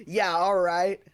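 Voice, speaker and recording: A player in a tabletop game, reacting with animated comments and laughter. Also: medium pitch, clear, resonant tone. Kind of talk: casual tabletop game play.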